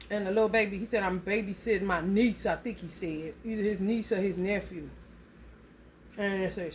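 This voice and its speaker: A woman's voice: medium pitch, brisk, darkish tone, slight background noise. A woman giving a casual spoken reading to her viewers, blunt and heavily profane, rambling loosely as she talks. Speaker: astrology reading vlogger.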